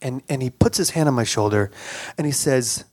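A man telling a personal story aloud, halting and repeating words, with animated sound effects. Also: mid-range voice, no room sound.

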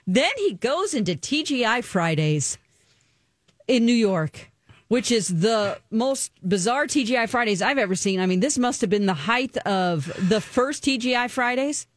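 A woman chatting casually as she recaps a movie plot, animated and full of ums, acting out the characters. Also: fairly high pitch, measured pace.

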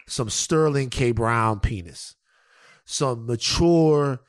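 A man co-hosting a podcast, riffing with profane, animated comic storytelling in casual banter. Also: mid-range voice, slow pace, no room sound. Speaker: podcast co-host.

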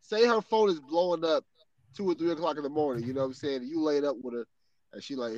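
A man with a high voice co-hosts a loose, crude podcast chat. He is laid-back and laughs easily, tagging most lines with "you know what I'm saying.". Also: fast, a little mellow, no echo, muffled recording. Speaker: podcast co-host. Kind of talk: casual chat.

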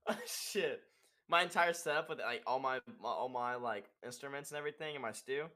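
His tone is sharp and his pace a little quick: a young man appearing as a musician guest on a podcast. He rambles casually, swears, uses plenty of fillers, and breaks into high falsetto to demonstrate singing.

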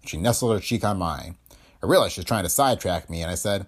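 A man's voice: lowish voice, big pitch swings, fast talker, breathy edge. A man narrating a first-person pulp detective story in a wry, slangy, hardboiled manner. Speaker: audiobook narrator.

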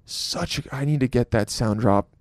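With a medium pitch and normal speaking speed, the podcast host eases into a solo intro that's casual, profane, and full of jokes and laughter. The recording is studio quality, free of room sound.

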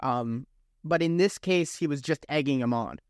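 A man's voice: fairly high pitch, normal speed, a little mellow, clear, resonant tone, no echo, studio quality. Emphatic man chatting on a podcast. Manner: emphatic, correcting himself mid-thought. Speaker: podcast co-host. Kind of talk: casual chat.

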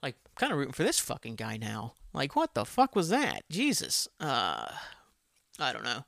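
A man talking alone on his podcast, drifting from one thought to the next and swearing all the way. His voice has a bright, forward edge at a middle pitch. The sound is dry and close, with no room around it. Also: wildly swooping pitch, moderate pace, vocal fry, dry recording. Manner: rambling, profane, self-deprecating. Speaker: podcast host. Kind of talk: casual solo podcast chat.

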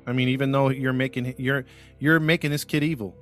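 A man's voice: mid-range voice, fairly even intonation, brisk, fairly bright tone, soft background music. A man hosting a podcast in casual chat, telling a story with jokes and laughs. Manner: jokey storyteller, laughs often. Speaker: podcast host.

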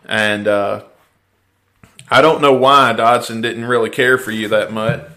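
A man's voice: on the low side, fairly even intonation, measured pace, pushed and bright. A man, hosting a podcast and telling a story in casual, profane chat. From Mississippi, US. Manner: storytelling, swearing, laughing often. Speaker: podcast host.

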